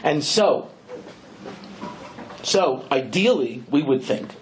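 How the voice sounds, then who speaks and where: Lively storytelling male rabbi. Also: a little high, slight background noise, low-quality recording. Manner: animated storyteller, quickly acting out characters' lines; conversational, with frequent "you know". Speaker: rabbi giving a lecture. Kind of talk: storytelling lecture.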